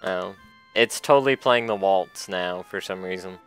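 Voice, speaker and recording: A man's voice: low voice, normal speed, fairly bright tone, clear, resonant tone, soft background music. A man hosting a let's play, chatting casually over the game, laughing often and reading the game's dialogue aloud. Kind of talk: casual gameplay commentary.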